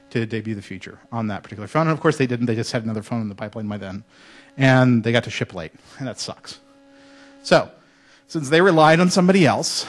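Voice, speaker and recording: Speaking in a lecture hall to students at a conference, this man keeps things casual and chatty. He's a joking storyteller whose middle-range voice occasionally shifts into teasing fake French accents.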